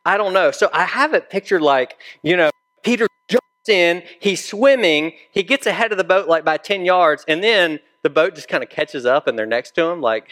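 A man's voice: a little high, animated, normal speed, fairly bright tone. A man preaching a sermon in a conversational storytelling way, acting out the dialogue of the people in his story. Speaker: pastor.

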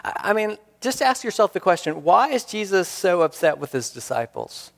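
A pastor preaches a sermon in an earnest, searching way, putting questions to the congregation and repeating key lines for emphasis. His voice is high-pitched with big pitch swings and vocal fry, at a normal speed, and the recording carries a long hall reverb.

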